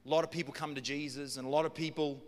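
A man's voice: fairly high pitch, steady tone, fast. A man preaching a sermon, telling a story in a humorous, conversational way. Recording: long hall reverb with music behind.

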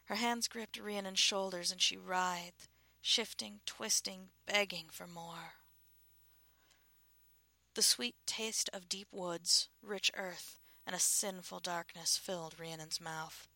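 A woman narrates a novel in a hushed, breathy voice that often slips into a half-whisper. Her pitch sits fairly low and flat, with a bright, forward edge to the tone. The sound is close and dry. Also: slow, dry recording. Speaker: audiobook narrator. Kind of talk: scripted narration.

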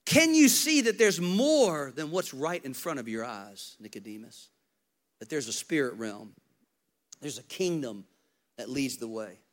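A male pastor preaching an energetic, humorous sermon, telling Bible stories and swinging from loud, high calls to hushed, intimate stretches. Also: a little slow.

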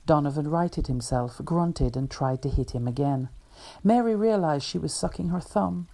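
Low, gravelly woman reading her story. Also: mellow. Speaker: author. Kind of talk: reading her own fiction.

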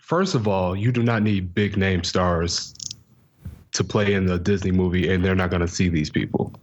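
A man's voice: sits low, normal speed, dull audio. A young man co-hosting a podcast, ranting animatedly in casual chat and acting out his own reactions. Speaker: podcast co-host.

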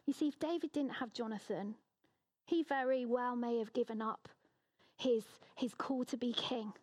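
Earnest higher-voiced woman preaching. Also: normal speed, darkish tone. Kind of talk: sermon.

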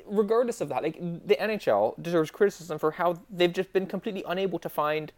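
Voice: medium pitch, fast talker. A podcast co-host talking casually, with frequent restarts and fillers. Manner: hesitant, many restarts and "like". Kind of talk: casual hockey chat.

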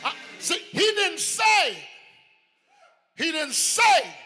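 Male preacher, very high and piercingly bright, sing-song whoop, shouted peaks, congregation call-outs. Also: huge pitch swings, slow pace, long pauses, faint music behind. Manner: calls out to the congregation. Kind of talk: sermon.

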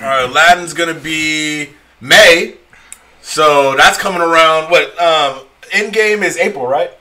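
A man co-hosting a podcast in relaxed casual chat, with slang and acted-out jokes. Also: a little high, measured pace, recorded from a distance. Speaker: podcast co-host.

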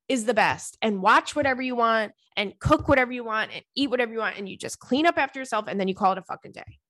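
A woman's voice: a little high, fast, fairly bright tone, no echo, clean studio sound. Candid, chatty woman podcast host. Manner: candid, swears freely, chatty with fillers. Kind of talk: casual advice podcast.

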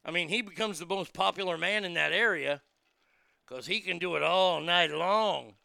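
Gravelly-voiced man riffing crude jokes. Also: sits high, normal speed, bright, forceful tone, no room sound, studio quality. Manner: crude, mocking jokes with chuckles.

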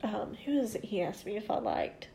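A woman's voice: medium pitch, huge pitch swings, normal speed, gravelly, mellow, slight background noise. A woman in her forties telling a long story in casual chat, rambling and swearing freely as she quotes other people. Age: 40s.

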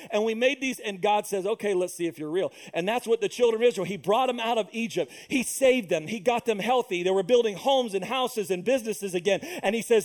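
A man in his thirties preaches with an animated, storytelling delivery, often slipping into the voices of the people in his anecdotes. His voice sits high for a man. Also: brisk. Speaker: pastor. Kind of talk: sermon.

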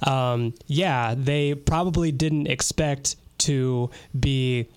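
A man's voice: medium pitch, slow, a little mellow, clear, resonant tone, no echo. A man co-hosting a casual conversation, easygoing and reasoning things through.

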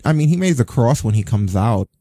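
A man's voice: medium pitch, expressive, fairly quick, mellow, dry recording, clean studio sound. A man talking in casual, opinionated podcast chat, blunt and sarcastic, swearing freely. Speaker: podcast co-host.

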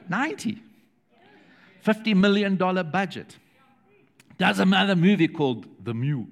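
A man preaching a sermon to a church congregation, animated and acting out the quotes he tells. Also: a little high, fairly quick. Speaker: pastor. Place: church hall. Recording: long hall reverb.

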